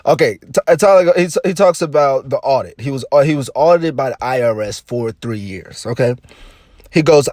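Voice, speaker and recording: A man's voice: medium pitch, expressive, normal speed, darkish tone, no room sound, studio quality. Chatty man riffing with laughter. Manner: loose and chatty, laughs often, repeats himself, swears. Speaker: vlogger commenting on celebrity news. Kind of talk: casual rambling commentary.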